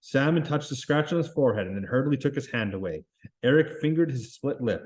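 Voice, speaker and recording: A man reading a novel aloud in a plain, measured way. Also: mid-range voice, animated, darkish tone. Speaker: reader.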